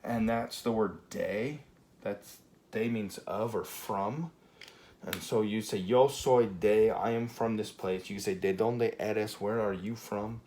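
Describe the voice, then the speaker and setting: Low-voiced man teaching at a whiteboard. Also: measured pace. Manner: relaxed, many fillers and okays. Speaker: Spanish teacher. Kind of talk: whiteboard grammar lesson.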